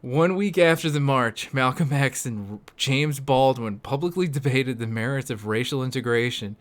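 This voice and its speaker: A man's voice: medium pitch, moderate pace. A man co-hosting a podcast, reading a history book aloud, casual and swearing often. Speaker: podcast co-host.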